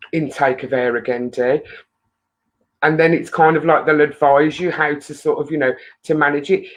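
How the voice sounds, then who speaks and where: A woman's voice: low voice, rough recording. Chatty woman host. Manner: chatty, rambling, laughs often. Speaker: live stream host. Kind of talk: casual live stream chat.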